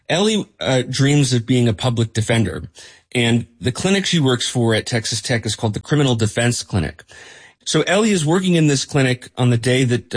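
A man, a journalist, recounting a reported story in a thoughtful, conversational way, with frequent fillers and self-corrections. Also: mid-range voice.

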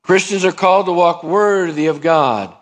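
A middle-aged man preaching a sermon as pastor, emphatic, acting out quoted dialogues with shifting pitch. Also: moderate pace.

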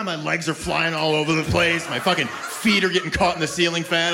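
A man with a fairly high, gravelly voice performs crude stand-up at a comedy club, leaving long pauses while keeping a normal speed. Brash and prone to sudden yelps, he uses a handheld mic before a live audience, and the live recording carries a noisy room.

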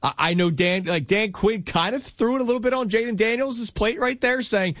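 A man co-hosting a sports talk radio show, arguing his points in an animated, emphatic way. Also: high-pitched, brisk, no echo, studio quality.

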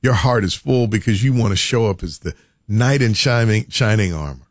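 A man's voice: fairly low pitch, normal speed, dry recording, studio quality. A man hosting a radio show, telling a comic story and acting out the people in it. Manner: animated, acts out scenes in different voices. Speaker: radio host.

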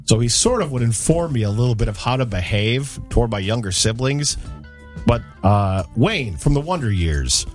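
Animated man counting down a list. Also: moderate pace, faint music behind. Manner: animated storyteller, jumps high for quoted voices. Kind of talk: casual chat, countdown list.

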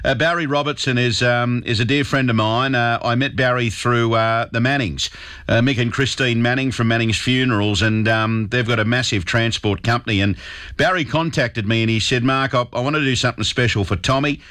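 A man's voice: mid-range voice, normal speed, fairly bright tone, dry recording, studio quality. A man with an Australian accent hosting a casual radio show, upbeat and matey, with frequent fillers. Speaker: radio host.

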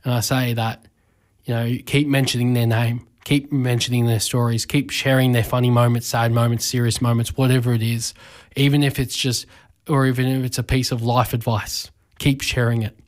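A man's voice: medium pitch, little pitch movement. Young aussie guy on community radio, lots of ums, voice breaking up, emotional. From Australia. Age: 20s. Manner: emotional, halting, many fillers and restarts. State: voice breaking with grief. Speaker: radio host. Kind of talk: community radio talk show.

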